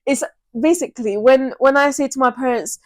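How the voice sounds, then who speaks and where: A woman's voice: high voice, fairly quick. A teenage girl co-hosting a podcast, chatting casually and a little hesitantly, often restarting her sentences. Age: teens. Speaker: podcast co-host. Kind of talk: casual chat.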